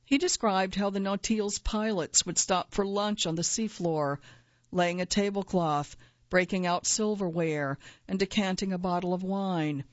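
A woman reading her own first-person nonfiction essay aloud in a measured, earnest way, at times quietly angry. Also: medium pitch, fairly even intonation, no echo, dull audio.

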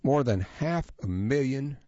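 A man presenting a magazine feature as scripted narration, reading in a measured, even manner. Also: medium pitch, no echo. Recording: dull, lo-fi, dry sound.

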